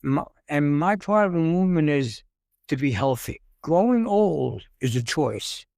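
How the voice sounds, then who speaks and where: A man's voice: on the high side, expressive, measured pace, creaky, darkish tone, no room sound, clean studio sound. A man, a guest coach, telling stories in a casual interview, repeating and stumbling over words as he talks. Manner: storytelling with repeated words and stammers.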